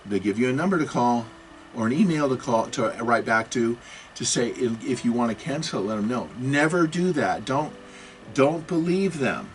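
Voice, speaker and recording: A man's voice: medium pitch, lively intonation, moderate pace, a little hiss or hum. Agitated, rambling man lecturing. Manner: agitated, apologetic, many restarts. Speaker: computer security educator. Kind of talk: self-recorded talk.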